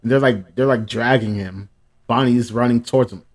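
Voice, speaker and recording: A man hosting a live manga reaction, reading dialogue aloud and breaking into excited high exclamations. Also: moderate pace, soft background music.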